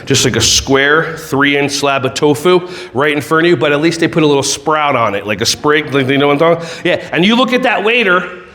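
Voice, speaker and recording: A man giving a lively, joking keynote talk to a conference audience, drawing them in with questions and then guiding them through slow breathing. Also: a little high. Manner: animated, jokey, audience-involving; slow soothing breath-work guidance. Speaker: keynote speaker.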